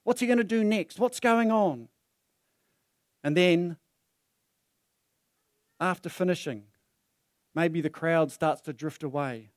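A man whose voice is on the high side preaches slowly with long pauses, though he still animates the story vividly with voices. He speaks into a handheld or stand mic in a church hall, with studio-quality sound.

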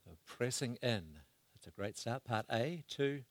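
A man preaching a sermon, swinging between loud bursts and hushed asides as he asks the congregation questions. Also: mid-range voice, normal speed, no room sound.

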